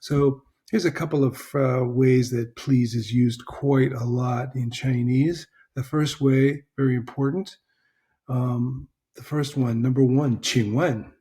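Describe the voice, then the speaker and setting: A man's voice: medium pitch, fairly even intonation, mellow. A man teaching a recorded language lesson, patient and repetitive, often checking in with "right?". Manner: slow, patient, repeats phrases, checks in with "right?".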